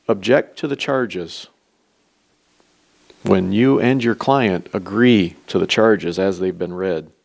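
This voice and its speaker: A man's voice: low voice, slow, vocal fry, pitched below the performer's own voice, full character voice. A man voicing a stern male judge questioning the court in a parable.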